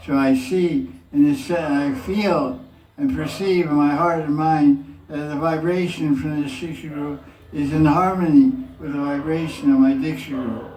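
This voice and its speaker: Man, raised pitch, relaxed spiritual teacher, chuckling Q&A, distant mic in an echoey room. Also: moderate pace, a little hiss or hum. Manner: relaxed, chuckling, quotes people in put-on voices. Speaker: spiritual teacher answering questions. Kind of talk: question and answer talk.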